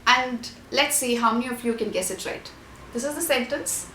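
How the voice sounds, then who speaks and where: A woman's voice: fairly high pitch, moderate pace, pushed and bright, echoey room, slight background noise. A woman giving a scripted online exam-prep lesson, listing tips and repeating key points. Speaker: IELTS tutor.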